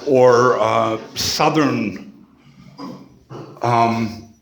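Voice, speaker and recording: A man's voice: mid-range voice, drawn-out words. A man giving a casual spoken reflection for his vlog, rambling with many fillers and restarts. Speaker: vlogger.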